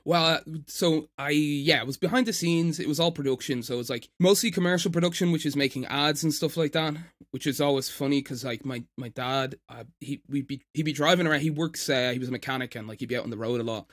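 A chatty Irish man in his thirties with a fairly high voice. He talks casually and pokes fun at himself, laughing often, recorded close on a dry, dead mic. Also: quick pace, few pauses, no room sound. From Ireland. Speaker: podcast guest, voiceover freelancer. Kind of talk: casual podcast chat.

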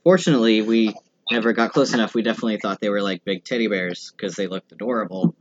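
A man with a very low voice chats calmly, in a laid-back and slightly wry manner. The audio sounds a little muffled. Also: quick pace, slight background noise. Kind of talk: casual chat.

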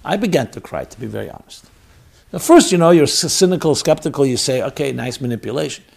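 Gravelly-voiced man preaching with emphasis. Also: a little high, sing-song, fast. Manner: emphatic, swinging between loud exhortation and quiet storytelling. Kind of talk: sermon.

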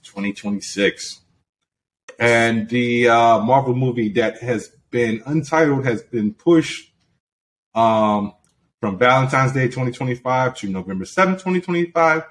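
A man's voice: mid-range voice, a little hiss or hum. A young man hosting a podcast, reading entertainment news in a casual, teasing, level-headed way. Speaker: podcast host.

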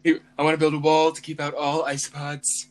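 A young man co-hosting a podcast, teasing his friends with deadpan jokes. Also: fairly high pitch, fairly quick, rough recording. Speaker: podcast co-host. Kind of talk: casual chat.

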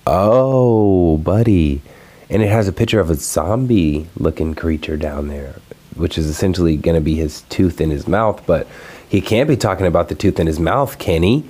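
A young man hosts his own video, casually and profanely ranting about something online that irritated him. His voice sits low and moves at a normal speed, and his tone is exasperated and animated. He recorded it alone at home.

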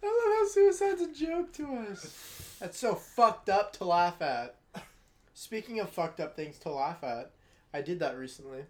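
A man's voice: sits high, very animated, a little slow, slight background noise. A young man co-hosting a podcast, rambling and crude in casual chat with friends. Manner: rambling, crude, bursts into shouting. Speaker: podcast co-host.

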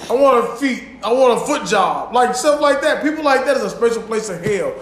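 A man hosting a casual podcast chat, telling stories loudly with lots of laughing and swearing. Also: extremely high pitch, animated, a little fast. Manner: loud, laughing, profane storytelling. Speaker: podcast host. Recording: echoey room with faint ambience.

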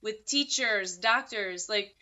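Bright-voiced woman on muffled audio. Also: medium pitch, takes it slowly. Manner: earnest, thinks aloud with many fillers. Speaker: podcast guest. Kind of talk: casual interview chat.

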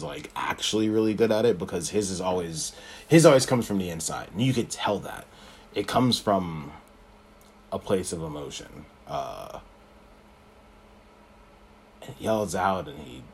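A man's voice: sits low, a little hiss or hum. A man hosting a podcast, talking casually about a movie, retelling scenes with frequent ums and restarts. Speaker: podcast host. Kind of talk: casual film commentary.

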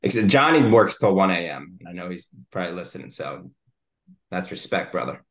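A man in his thirties chats casually on a podcast in a very low voice. He rambles through long, detailed stories with plenty of fillers. The room around him is noticeably echoey. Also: sing-song, brisk. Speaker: podcast co-host.

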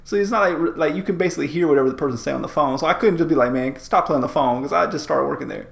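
A man's voice: a little high, very fast, creaky, roomy sound. A man in his thirties, a podcast co-host chatting casually in a laid-back, rambling way. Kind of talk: casual chat.

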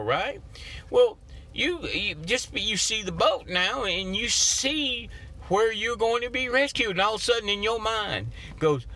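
A man's voice: sits high, animated, moderate pace, bright, forceful tone. A man hosting a motivational podcast, talking in a folksy, preacherly way and acting out his own inner voices. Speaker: podcast host.

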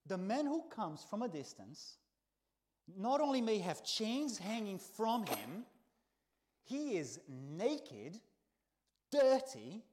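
A man preaching a sermon in a church, telling the story with lively swings between soft, hushed lines and loud exclaims. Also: high-pitched, slow pace, long pauses. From not from the country where he preaches.

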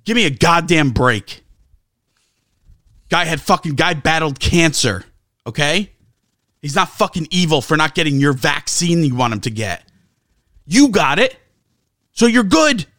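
Male sports-talk co-host, high voice, dry close mic, angry profane ranter. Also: lively intonation, measured pace, pauses often, sharp tone, no echo. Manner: profane, ranting, sarcastic. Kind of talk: heated sports talk rant.

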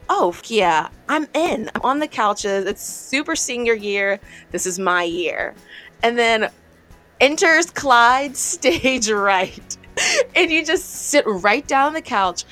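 Lively young woman telling a story. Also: a little high. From South Carolina. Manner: animated storyteller, acts out quotes, laughs often. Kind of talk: casual chat.

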